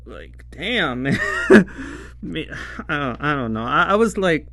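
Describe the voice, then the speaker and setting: Slow-talking man reviewing a show. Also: fairly high pitch, sing-song, pushed and bright, no room sound, faint music behind. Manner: rambling, laughs often, acts out quotes. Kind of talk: casual episode review.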